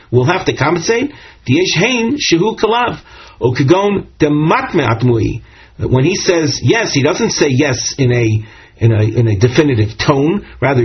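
A Talmud teacher whose voice sits on the high side and is slightly rough reads Hebrew and Aramaic phrases and explains them in a class lecture, full of fillers and restarts. It's captured in dull, lo-fi audio.

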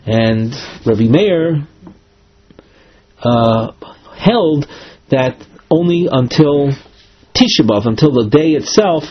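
A male Talmud teacher with a husky, mid-range voice reads the text line by line and translates it, explaining slowly and in a measured way while correcting himself. The class recording is muffled and lo-fi.

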